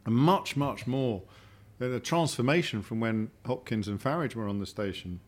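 Speaking at medium pitch and normal speed, a middle-aged man chats as a dinner guest in a home dining room. His storytelling is casual, with frequent repeated words while he thinks.

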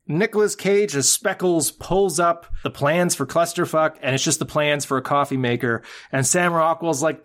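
A man on a podcast, a little high-voiced, talking through a movie's plot in a loose, animated way. He jumps into quick quoted lines from the characters and laughs easily as he goes. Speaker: podcast co-host. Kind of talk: casual chat recapping a film.

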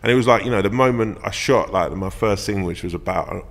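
A man's voice: on the low side, quick pace, creaky, big-room sound. A man, a comedian guest in a casual chat, telling anecdotes, swearing freely and laughing through them. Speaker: comedian and actor, podcast guest.

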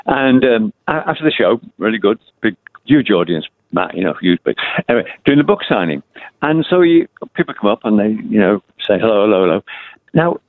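A man's voice: lowish voice, sing-song, brisk, no echo. Older Liverpool man on a tinny phone line. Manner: rambling, anecdotal. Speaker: guest poet. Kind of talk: casual radio interview.

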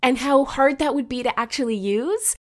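A woman co-hosting a casual book discussion, chatty and animated, laughing often and filling her talk with "like". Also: sits high, moderate pace. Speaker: book podcast co-host.

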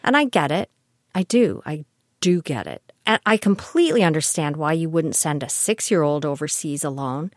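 Chatty older woman, low voice. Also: lively intonation, normal speed, dry recording, clean studio sound. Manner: chatty, candid, reflective. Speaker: podcast host. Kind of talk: personal storytelling monologue.

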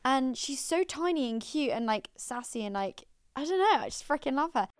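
A woman's voice: high-pitched, expressive, moderate pace, background noise. A young woman co-hosting a podcast, chatting casually and reading out listener letters in a gushing, laugh-prone way. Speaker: podcast co-host.

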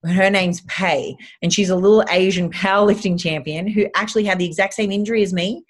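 A woman with an Australian accent, telling stories as an animated, chatty podcast guest who swears casually. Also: mid-range voice, brisk.

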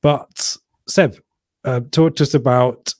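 A man's voice: mid-range voice, steady tone, takes it slowly, darkish tone, no echo, studio quality. A man with an English accent hosting a casual football podcast, stumbling over words and reading out the live chat. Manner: hesitant, repeats words, reads the live chat. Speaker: podcast host.

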